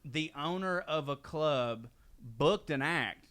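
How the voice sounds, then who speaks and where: A man's voice: a little high, lively intonation, slow pace, a bit bright. A man, a podcast co-host telling a story in rambling, profane casual chat while a bit tipsy. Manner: rambling, profane, doing voices of people he quotes. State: drinking, tipsy.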